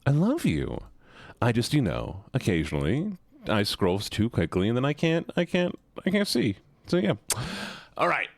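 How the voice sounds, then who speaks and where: A man's voice: medium pitch, huge pitch swings, moderate pace, gravelly, no echo. A male streamer in casual livestream chat, playfully greeting viewers one by one and teasing them.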